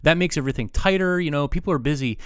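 A man with a smooth, clean voice hosts a casual podcast, joking and poking fun at himself between questions. His pitch is ordinary. The recording is dry, with no room sound. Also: quick pace, no room sound. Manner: joking, self-deprecating, chatty. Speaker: podcast host, interviewer.

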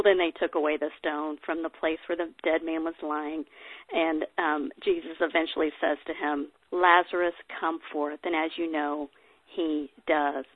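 A woman's voice: fairly low pitch, no echo. A woman speaker at a women's workshop, teaching the Bible in a chatty way, reading passages aloud and adding personal asides. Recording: tinny, dry phone-like sound.

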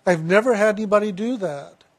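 A man's voice: sits high, fairly quick, dry recording. A man voicing his former boss, a demanding business owner who is proud and frustrated, speaking in blunt, exasperated questions.

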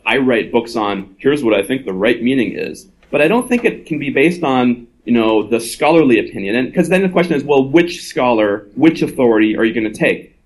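A man's voice: mid-range voice, poor audio. A man, an author speaking at a live gathering, who reasons aloud in an earnest, conversational way and often slips into quoted voices.

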